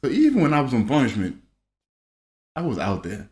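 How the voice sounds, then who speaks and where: A man's voice: mid-range voice, fairly quick. A man co-hosting a casual podcast, telling his own story and chiming in with short reactions. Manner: relaxed, chimes in with short reactions. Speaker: podcast co-host. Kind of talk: casual chat. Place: home room. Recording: roomy home recording.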